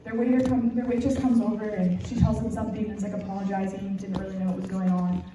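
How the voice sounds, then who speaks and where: A young Texan woman with a Texan accent shares a personal story during a youth-group sermon, sounding earnest, candid, and chatty. Her mid-range voice is mellow, stays fairly level in pitch, and moves quickly. She's captured from a distance in an echoey church youth room, with a little hiss or hum in the background.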